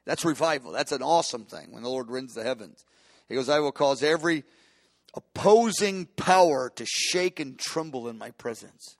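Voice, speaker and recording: A man's voice: medium pitch, lively intonation, normal speed, no echo. Impassioned male preacher, dry sound. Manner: impassioned, builds to emphatic peaks, frequent restarts. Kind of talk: sermon.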